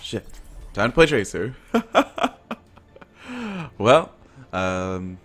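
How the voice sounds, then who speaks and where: A man's voice: lowish voice, big pitch swings, very slow, a bit bright. A man giving casual, playful gameplay commentary, crude and self-mocking. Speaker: gaming video host.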